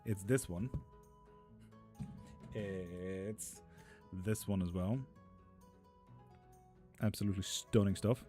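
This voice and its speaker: A man's voice: low voice, fairly even intonation, takes it slowly, long pauses, mellow, faint music behind. A man chatting on a live stream as a tarot reader, reading out viewer comments, casual and sweary with frequent laughs. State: hot and sticky.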